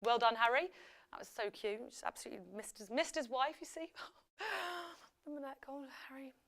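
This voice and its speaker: A woman's voice: high voice, fairly quick, fairly bright tone. A woman hosting a live quiz show, chatty and upbeat, reading out questions and results and ad-libbing with fillers and self-corrections. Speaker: quiz host.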